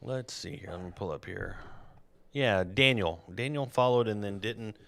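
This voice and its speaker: A man's voice: on the low side, moderate pace, vocal fry, fairly bright tone. A man hosting a podcast in casual, rambling chat, laughing at his own jokes. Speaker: podcast host.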